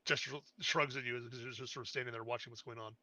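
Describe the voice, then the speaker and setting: A man's voice: mid-range voice, fairly even intonation, rapid-fire, bright, forceful tone, no echo. A man narrating as game master of a tabletop game, describing the scene with frequent fillers.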